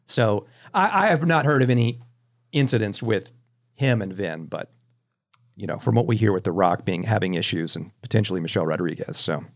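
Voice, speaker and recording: A man's voice: lowish voice, brisk. A man hosting a film podcast, telling stories in a casual, chatty way with many restarts. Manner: animated anecdotes with frequent restarts. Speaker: podcast host. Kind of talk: casual storytelling chat.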